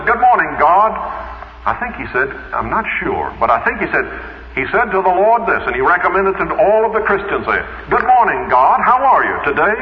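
A man teaching the Bible in a radio sermon, conversational, with rhetorical questions and homely asides. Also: a little high. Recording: echoey hall, dull old radio broadcast.

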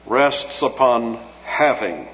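A man delivers a sermon in a measured, teacherly manner, drawing out key phrases for emphasis. His voice sits at an ordinary middle pitch. The recording is dull and lo-fi, with a long reverb trailing off the walls of a large hall. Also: animated, a bit bright, slight background noise. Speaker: preacher. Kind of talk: expository sermon.

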